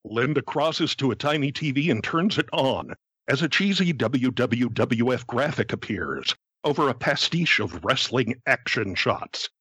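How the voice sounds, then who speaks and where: Brief: male narrator, husky, slow, lively pitch. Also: no room sound. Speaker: script narrator. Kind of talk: reading stage directions.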